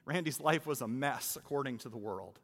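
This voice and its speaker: A man's voice: medium pitch, expressive, brisk, fairly bright tone, breathy edge. A man preaching a sermon, telling a story in a conversational way and building to an exhortation to his congregation. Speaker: pastor. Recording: reverberant hall with faint music.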